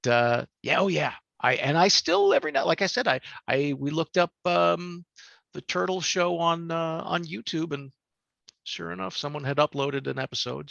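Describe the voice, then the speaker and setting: Animated older man telling stories. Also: fairly high pitch, gravelly, dry recording, dull audio. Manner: animated, chatty storyteller. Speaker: voice actor. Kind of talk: interview storytelling.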